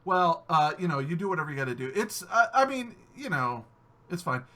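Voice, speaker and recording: Bright, high-pitched male podcast host from New York State, lively and chatty, slips into voices for his stories. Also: fairly quick. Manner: animated storyteller, acts out other voices. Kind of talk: casual chat.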